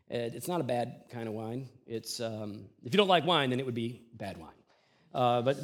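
Preacher man swinging hushed to loud. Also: on the high side. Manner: acts out mocking voices while reading scripture. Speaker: pastor. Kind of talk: sermon.

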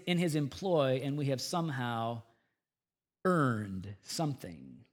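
Pastor preaching with rising emphatic bursts. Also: male voice, fairly high pitch, lively intonation, normal speed. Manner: swings from hushed earnest tones to loud emphatic bursts. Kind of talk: sermon. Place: church.

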